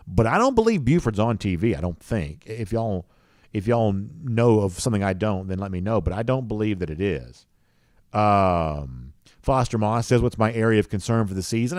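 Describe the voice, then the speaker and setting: A man's voice: fairly low pitch, a little mellow, dry recording, clean studio sound. A man hosts a live show, reading viewer comments in an easygoing, rambling way with many fillers. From rural US South. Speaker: podcast host.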